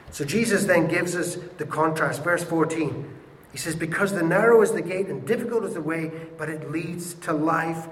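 A man preaching a sermon with passion, swinging between loud and hushed delivery. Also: on the high side, slight background noise. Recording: echoey hall with faint ambience.

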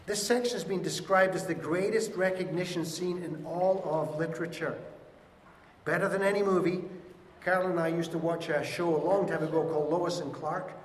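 This Easter sermon comes from a pastor addressing his congregation, his slightly high voice moving at a normal speed as he expressively voices the people of the Bible story. The church hall is echoey, the mic picks him up from afar, and there's a little hiss or hum.

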